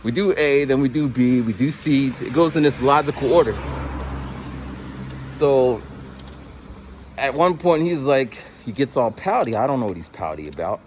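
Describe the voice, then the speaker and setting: Animated man in his forties telling stories. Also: normal speed, pauses often, slight background noise. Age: 40s. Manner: animated, acts out quotes with big pitch jumps. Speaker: English teacher. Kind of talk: casual storytelling vlog.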